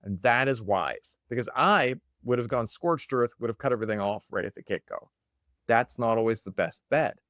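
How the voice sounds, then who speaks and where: A man talks to camera in a loose, chatty motivational monologue, often laughing at his own stories. His voice sits in an ordinary middle pitch. The sound is close and dry, with no room around it. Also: expressive, normal speed, a bit bright, no echo. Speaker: podcast host.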